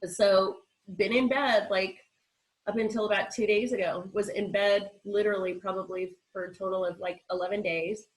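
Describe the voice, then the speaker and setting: A woman's voice: mid-range voice, fairly even intonation, moderate pace, poor audio. A woman guest speaker on a video call, short of breath and nasal from congestion, telling her story candidly with quoted dialogue. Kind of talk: personal account on a virtual meeting.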